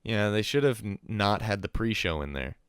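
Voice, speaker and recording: A young podcast host with a smooth, resonant, low voice, talking in a loose, chatty way and mimicking people in quick put-on voices. The sound is dry and close, with no room echo. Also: male voice, expressive. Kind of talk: casual esports podcast chat. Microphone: call recording with a remote co-host.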